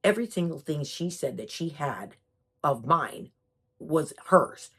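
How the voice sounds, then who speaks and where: A woman telling a personal story in a chatty, emphatic, animated way. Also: low-pitched, unhurried, breathy edge.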